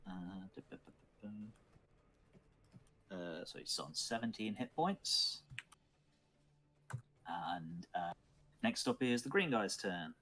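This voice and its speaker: Low-voiced man running a tabletop game. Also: sing-song, takes it slowly, pauses often, bright, forceful tone, slight background noise. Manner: matter-of-fact, narrating dice rolls. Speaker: dungeon master.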